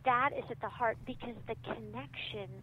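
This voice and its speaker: A woman talks casually about parenting as an interview guest, slipping into little acted-out quotes of parents and children. Her voice sits a little high. It comes through a thin telephone line with faint noise underneath. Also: normal speed. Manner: animated, acts out quoted parents and kids.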